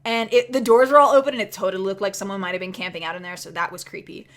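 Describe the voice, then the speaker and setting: A woman telling a spooky story in a chatty, animated way, dropping into whispers for the scary parts. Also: medium pitch, very fast. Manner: chatty, many fillers of "like". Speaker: vlogger. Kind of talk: casual storytelling.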